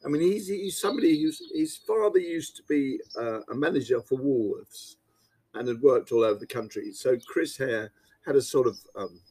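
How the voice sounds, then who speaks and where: A man's voice: medium pitch, normal speed, dark tone, breathy edge, no room sound, low-quality recording. A man interviewed in a casual chat, telling a rambling anecdote and chuckling often.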